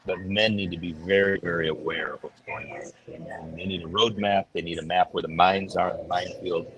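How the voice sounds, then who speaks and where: A middle-aged man chatting casually as a podcast co-host, telling stories and acting out quoted voices with big jumps in pitch. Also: steady tone, fairly quick, crowd noise, poor audio. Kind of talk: casual chat.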